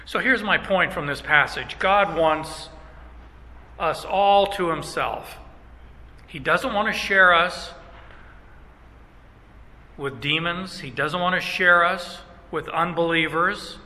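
A middle-aged male pastor preaches with deliberate, emphatic phrasing, leaning hard on key words. His voice is slightly high and very bright, and he speaks slowly. The sound carries the long reverb of a large hall. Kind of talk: sermon.

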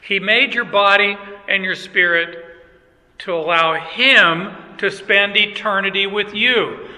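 High, bright-voiced older male pastor preaching. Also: takes it slowly. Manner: conversational, joking preaching with asides to the congregation. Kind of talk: sermon. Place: church. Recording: long church reverb.

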